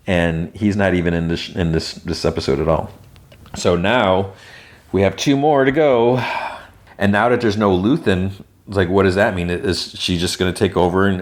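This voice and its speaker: A man hosting a podcast, casually recapping a TV episode in a rambling way, with frequent restarts and quick quoted lines from the characters. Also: deep voice. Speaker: podcast host.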